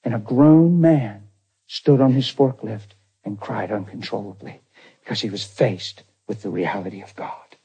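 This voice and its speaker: A man's voice: on the low side, lively intonation, unhurried, dark tone, husky, lo-fi sound. A man pastor preaching a storytelling sermon in a folksy, conversational way, talking straight to his congregation.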